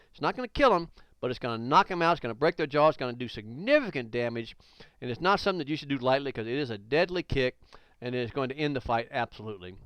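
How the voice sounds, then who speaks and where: A man's voice: mid-range voice, a bit bright, clean tone, no room sound. Emphatic karate instructor man. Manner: emphatic, blunt, repetitive warnings with exclamations. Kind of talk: instructional video narration.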